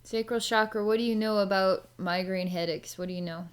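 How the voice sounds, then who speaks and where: A woman's voice: mid-range voice, steady tone, fairly quick, clean tone. A woman psychic talking her way through a reading in a loose, rambling way, full of likes and ums. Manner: chatty, rambling, many filler words. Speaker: psychic reader. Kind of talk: casual spoken psychic session.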